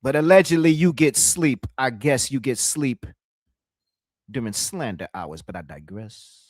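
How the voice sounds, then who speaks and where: A man riffs through live-stream reaction commentary, loose, profane and animated, jumping into mimicry of the people in his clips. His voice sits at an ordinary middle pitch and comes across close and dry, with no room around it. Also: a little slow, dry recording.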